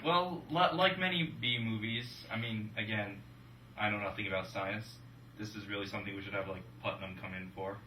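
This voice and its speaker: A young man co-hosting a casual movie-review chat with wry, deadpan jokes. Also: lowish voice, fairly quick, a little hiss or hum. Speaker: film review podcast co-host. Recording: roomy room from a distance.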